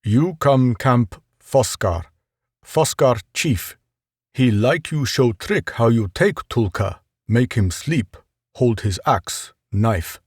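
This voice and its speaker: A male reader doing a tribesman in an audiobook who speaks in short, broken phrases. The delivery is slow and deliberate, with a mid-range male voice. It sits a little further from the mic than the narration. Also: mid-range voice, lively intonation, slightly rough, no room sound, clean studio sound, full character voice. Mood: friendly. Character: young male tribesman speaking broken words, wary then friendly.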